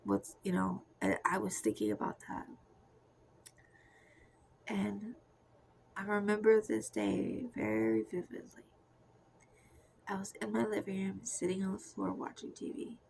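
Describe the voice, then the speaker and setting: Soft-spoken woman with vocal fry. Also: medium pitch, a little slow, long pauses, poor audio. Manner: soft confessional, often drifting into a whisper. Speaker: Christian testimony speaker. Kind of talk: personal testimony monologue.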